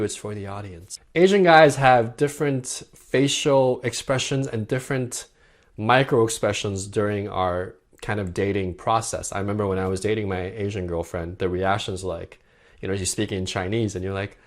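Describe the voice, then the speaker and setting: A young man giving dating advice straight to camera, talking in a casual, animated way and sometimes acting out tones of voice. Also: normal speed. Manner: animated, demonstrates voice tones with bright high-pitched impressions. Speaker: dating coach. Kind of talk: direct-to-camera coaching talk.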